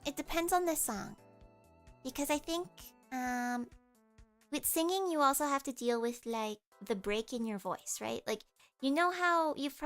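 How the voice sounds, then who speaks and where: A woman's voice: sits high, fairly bright tone. A woman streamer chatting casually with her viewers in a nasal voice, explaining things as she goes. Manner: chatty, explains with vocal demos.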